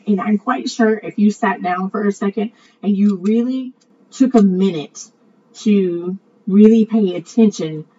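A woman's voice: mid-range voice, a little mellow. A woman earnestly telling a long personal story in an emotional monologue, rambling and repeating her words. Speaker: vlogger sharing a personal story. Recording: dull lo-fi audio with faint ambient noise.

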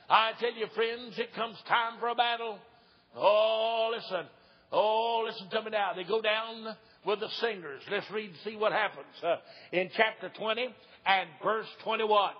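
An older man preaching an old-time revival sermon as an evangelist, fervent and folksy, sometimes shouting and hollering. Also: high-pitched, husky. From Tennessee. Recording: dull old recording with long hall reverb.

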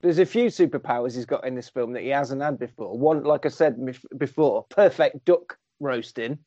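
A man's voice: medium pitch, normal speed, warm tone, no echo. A man casually recapping a film for a podcast, rambling, swearing and acting out lines of dialogue. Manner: swearing, rambling storyteller who acts out quotes. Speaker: podcast co-host. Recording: dull lo-fi dry sound.

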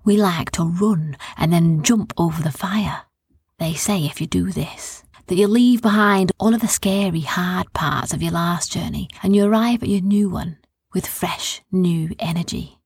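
A woman voicing a small, kindly male creature who gently explains a tradition, in a storybook reading. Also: fairly low pitch, unhurried, breathy edge, no room sound, studio quality. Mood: encouraging. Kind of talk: storybook character voice.

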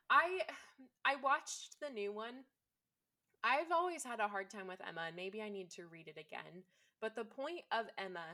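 A woman's voice: mid-range voice, pushed and bright. A woman chatting casually and enthusiastically, with lots of fillers. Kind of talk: casual chat.

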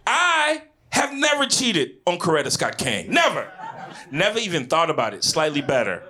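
A young man from Chicago with a Midwestern accent, performing a slangy stand-up comedy set on a club stage, shouting his punchlines. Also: a little high, huge pitch swings, moderate pace.

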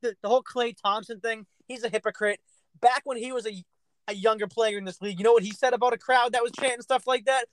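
Male co-host, very high pitch, dry mic, animated profane rants. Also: fast, no echo, rough recording. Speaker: podcast co-host. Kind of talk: casual sports chat.

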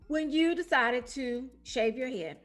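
A chatty, playful woman hosts a podcast in easy conversation. Her voice sits a bit high, with a faint music bed running behind her. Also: measured pace. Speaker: podcast host. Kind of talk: casual podcast chat.

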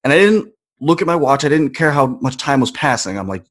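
A young man in his twenties, a podcast guest, earnestly telling a personal story in a relaxed, conversational way. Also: on the high side, a little fast. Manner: earnest, conversational, acts out quoted voices.

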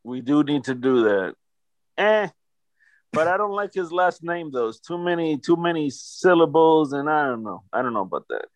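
Lively, playful sports talk man. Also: on the high side, normal speed, no room sound. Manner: playful, mock-negotiating banter.

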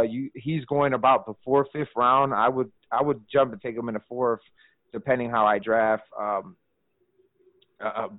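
A man's voice: mid-range voice, no echo. A man co-hosting a fantasy football podcast in casual chat, talking loosely with lots of fillers and restarts and swearing freely. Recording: dry, phone-like narrow sound.

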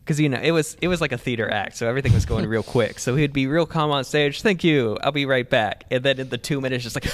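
A man's voice: medium pitch, fast, few pauses. A man who edits video, chatting casually, telling an anecdote and steering the group's planning. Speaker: video editor and sketch writer.

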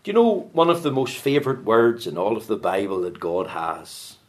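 A man preaching a sermon in a church, swinging from loud fervent calls to low hushed asides. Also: very animated, moderate pace.

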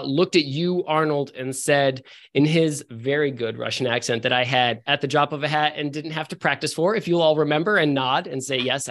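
A man's voice: on the high side, a bit bright. Brief: male game master narrating a tabletop session, hesitant and stop-start. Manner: halting, with many fillers and restarts.

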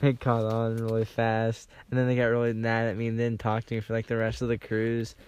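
A man's voice: medium pitch, monotone, fairly quick, a little mellow, clean tone. A young man in casual chat with friends, telling rambling stories and saying "like" a lot. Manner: rambling storyteller, heavy use of "like". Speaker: podcast co-host.

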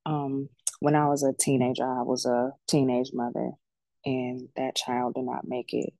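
A woman who works as a death doula and medium appears as a podcast guest, speaking candidly and colloquially in casual, heartfelt interview talk. Her voice is rumbling low, gravelly, and mellow at a moderate pace, recorded with no room sound. She acts out the voices in her stories.

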